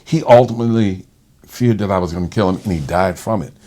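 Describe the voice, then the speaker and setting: A man who works as a respiratory therapist, telling a personal story in conversation in an animated way. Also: deep voice, fast talker. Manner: animated, acts out quoted voices.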